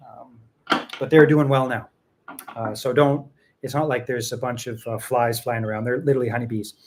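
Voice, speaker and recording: A man's voice: mid-range voice, steady tone, normal speed, a little mellow, slight background noise. A man hosting a casual tea tasting chat, rambling and repeating himself for emphasis. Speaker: tea seller and show host.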